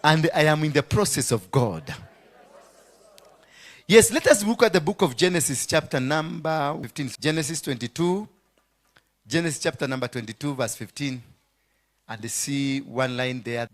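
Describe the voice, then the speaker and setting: Dramatic Kenyan preacher, bright lively voice. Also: male voice, fairly high pitch, normal speed. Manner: dramatic, swings from hushed to shouting; mixes in Swahili phrases. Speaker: apostle preaching. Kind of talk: sermon.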